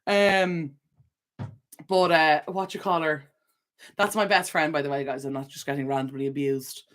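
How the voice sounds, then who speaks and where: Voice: medium pitch, fairly bright tone. Young adult stream host, casual and chatty, laughs a lot, corrects themself mid-sentence, mid-range voice. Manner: chatty and rambling, frequent laughter and self-corrections. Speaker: channel host. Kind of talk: casual livestream chat, reading viewer comments.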